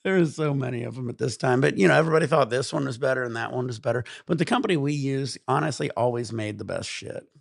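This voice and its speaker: Gravelly, rambling cannabis streamer guy. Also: mid-range voice, fast talker, hardly any pauses, no room sound, clean studio sound. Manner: rambling, profane storytelling with frequent laughs. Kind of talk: casual livestream chat.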